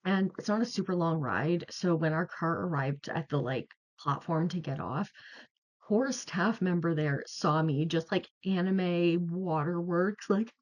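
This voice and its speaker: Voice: mid-range voice, unhurried. A young adult video creator telling a story in a casual, chatty way, rambling and full of "like". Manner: rambling, chatty, heavy use of "like". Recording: slightly muffled lo-fi audio.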